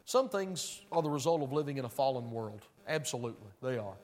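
A man preaching a sermon, emphatic and conversational, swinging between loud declarations and hushed, somber passages. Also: medium pitch, animated, fairly quick. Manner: conversational asides to the congregation.

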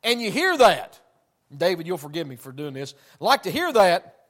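A man's voice: high-pitched, very animated, normal speed, a bit bright. A male pastor preaching a sermon in church, emphatic and prone to repeating words as he restarts.

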